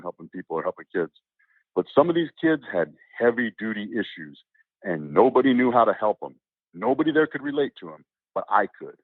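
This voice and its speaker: Low guy rambling thru a long story, lots of restarts, sounds like a phone line. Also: no echo. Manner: rambling, animated, many restarts and quoted voices. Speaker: interview guest. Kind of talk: casual storytelling. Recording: tinny phone-like line, dry.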